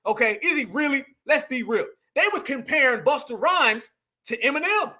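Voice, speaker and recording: A man's voice: very high-pitched, lively intonation, normal speed, sharp tone. A man hosting a heated online reaction commentary, mocking as he talks to his chat.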